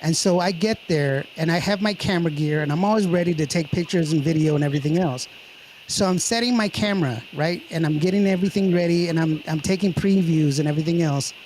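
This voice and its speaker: A man from Texas chats as a host, telling stories with plenty of laughter. His voice sits somewhat high for a man. Faint ambient noise hums behind him. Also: fast, a little mellow. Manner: joking, laughs often, storytelling. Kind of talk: casual chat.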